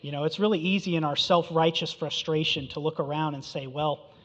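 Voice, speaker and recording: A man's voice: fairly high pitch, steady tone, fairly quick, fairly bright tone, in a large hall, dull audio. A man preaching a sermon as pastor in a conversational, emphatic style with rhetorical questions.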